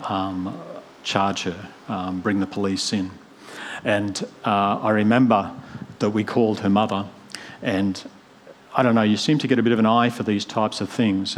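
A middle-aged man preaching a sermon, earnest, moving from hushed storytelling to rising, emphatic appeals. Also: lowish voice, a little hiss or hum.

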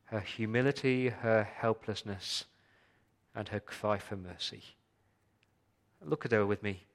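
A man preaching a sermon as pastor, talking to the congregation with rhetorical questions and swinging from loud emphasis to hushed, quiet lines. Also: lowish voice, measured pace.

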